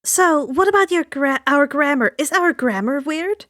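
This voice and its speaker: Woman doing an eager, excitable girl demigod. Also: sits high, a little slow, dry recording, studio quality, voice pushed up. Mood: excited. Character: excitable young female demigod scholar. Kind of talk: fan fiction audiobook reading.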